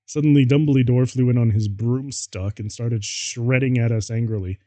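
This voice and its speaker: A man streaming a comic reading of fan fiction, animated and mock-exasperated. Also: medium pitch, normal speed, no room sound.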